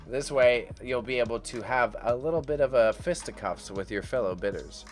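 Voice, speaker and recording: A young man from Canada hosting a casual live stream about an auction. He talks in a loose, chatty way, swears, laughs often and jumps up in pitch when excited. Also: moderate pace.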